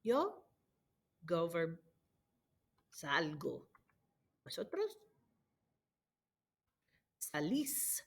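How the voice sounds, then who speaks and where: A woman's voice: on the low side, huge pitch swings, drawn-out words, long pauses. Female teacher recording a screen-share lesson, patient drilling tone. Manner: patient, drilling conjugations aloud. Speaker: Spanish teacher. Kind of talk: recorded homework walkthrough.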